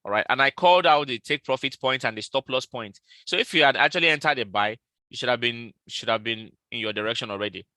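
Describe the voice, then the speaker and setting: A man with a very bright, sharp-edged voice hosts a live trading session. He repeats each call and spells out numbers slowly, and the sound is dry and close to the mic. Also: medium pitch, no room sound. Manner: repetitive, calls out trade levels slowly and repeats them. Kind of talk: live market analysis stream.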